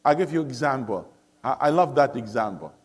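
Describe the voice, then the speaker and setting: A man's voice: mid-range voice, lively intonation, fairly quick, slightly rough. A man teaching Quran recitation to a study circle. He switches between English and Arabic, keeps asking the class questions and recites verses melodically. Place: mosque classroom.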